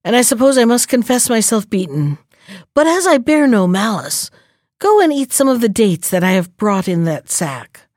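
Woman voices a wronged storybook sheep: high, pleading, indignant. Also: sing-song, normal speed, darkish tone, dry recording, studio quality. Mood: resigned.

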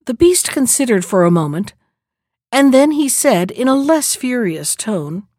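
A woman's voice: fairly high pitch, big pitch swings, a little slow, darkish tone, no room sound, clean studio sound. Woman reading a fairy tale aloud. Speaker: narrator. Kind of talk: storybook reading.

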